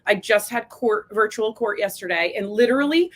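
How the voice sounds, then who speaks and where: A woman's voice: mid-range voice, expressive, normal speed. A woman from the United States, a coach hosting her own live video series, talking candidly to viewers while close to tears and swearing freely. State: tearful, close to crying. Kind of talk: casual live-stream talk to viewers.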